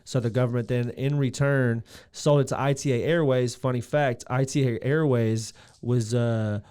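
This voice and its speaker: A man's voice: mid-range voice, steady tone, normal speed, darkish tone, smooth. A man co-hosting a podcast, cracking jokes and reading out background facts. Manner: joking, reads out background facts. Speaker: podcast co-host. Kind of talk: casual podcast chat.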